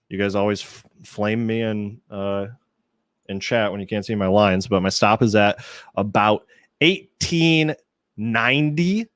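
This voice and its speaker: A man's voice: on the low side, no echo, clean studio sound. A man hosting a live stock-trading show, joking and self-mocking as he walks through charts, a little out of breath. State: slightly out of breath. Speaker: host. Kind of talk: live market show chat.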